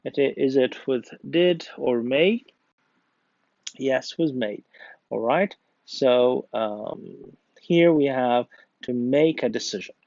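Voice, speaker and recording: Patient male English teacher, gravelly voice. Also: mid-range voice, slow, darkish tone, no room sound. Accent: Egyptian. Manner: patient, encouraging, reads exercises aloud. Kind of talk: classroom grammar lesson. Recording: dull lo-fi dry recording.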